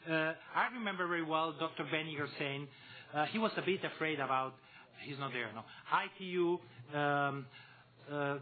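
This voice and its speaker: A man's voice: fairly high pitch, normal speed. Man with a Spanish accent, tinny audio. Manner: hesitant, repeats words, joking asides. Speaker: conference speaker. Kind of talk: conference presentation. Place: meeting room. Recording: tinny phone-like audio with faint hum.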